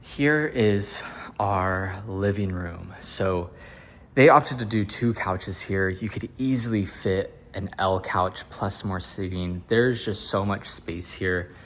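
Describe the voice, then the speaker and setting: A fairly low-voiced man talks casually as he walks through an empty home as a real estate agent. His tone is upbeat and chatty, with joking asides. A faint hum of the room sits behind him. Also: slow. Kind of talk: casual walk-through tour narration. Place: indoors in an empty house, walking room to room.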